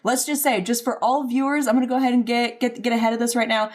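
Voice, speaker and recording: A woman's voice: fairly high pitch, steady tone, fast talker. A woman co-hosting a podcast, teasing and explaining in casual chat. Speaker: podcast co-host.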